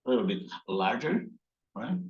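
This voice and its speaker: A man teaching a physics class, slowly explaining while working on slides and often checking in with "right?". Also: mid-range voice, big pitch swings. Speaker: physics instructor. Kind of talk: recorded classroom lecture. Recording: echoey, dull lo-fi room sound.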